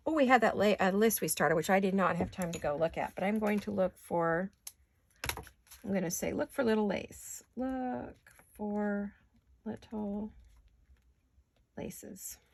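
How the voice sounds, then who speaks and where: A woman vlogger, raspy from allergies, chatting casually and talking to herself as she makes paper crafts in her home studio. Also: medium pitch, a little fast, a little hiss or hum. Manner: chatty, talks to herself while working.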